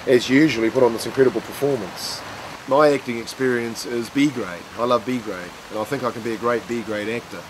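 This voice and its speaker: A man's voice: mid-range voice, a little fast. A middle-aged man with a New Zealand accent, telling rambling, self-mocking stories about his past. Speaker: storyteller of his own acting past. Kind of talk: casual anecdotal storytelling. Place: outdoors in the rain. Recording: steady rain noise behind.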